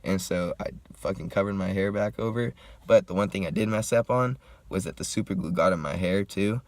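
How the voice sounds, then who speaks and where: Deep, gravelly young man, laid-back and slangy. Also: brisk, dry recording. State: high, smoking while talking. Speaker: vlogger. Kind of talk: casual storytime.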